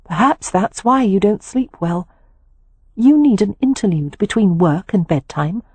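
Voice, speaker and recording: A woman doing a bright, forthright young lady. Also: medium pitch, expressive, measured pace, husky, no echo, voice pushed up. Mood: eager, playful. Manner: bright, eager, insistent. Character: lively, forthright young woman, warmly bossy.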